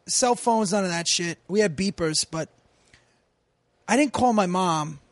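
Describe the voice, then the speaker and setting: Comedian, 40s, male, high-pitched, animated and profane, quotes people in character, dry mic. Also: a little slow, no echo. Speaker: comedian guest. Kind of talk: casual podcast storytelling.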